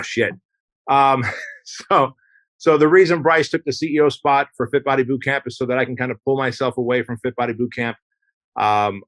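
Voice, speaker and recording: Guy on a podcast, mid pitch, dry close sound, talks emphatic and casual, swears a bit. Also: fairly bright tone, dry recording. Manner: emphatic, acts out quoted dialogue, casual swearing. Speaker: podcast guest. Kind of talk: casual conversational interview.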